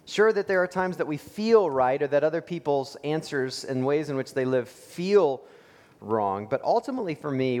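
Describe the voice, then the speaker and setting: Man preaching, slightly high voice. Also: expressive, normal speed, darkish tone. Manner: conversational storytelling with fillers and rhetorical questions. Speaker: pastor. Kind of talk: sermon. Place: church sanctuary. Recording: long church reverb.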